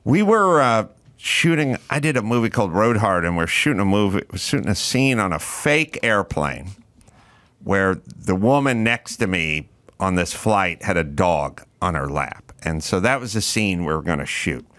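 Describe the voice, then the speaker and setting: A man hosting a casual talk show, ranting and telling stories with a lot of emphasis. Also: normal speed. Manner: lively, rants with big pitch swings. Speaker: podcast host. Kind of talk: casual chat.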